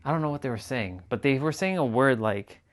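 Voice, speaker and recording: Animated and a little fast, this medium-pitched male voice belongs to a livestreamer chatting loosely with his viewers. His talk wanders, with repeated phrases and restarts throughout.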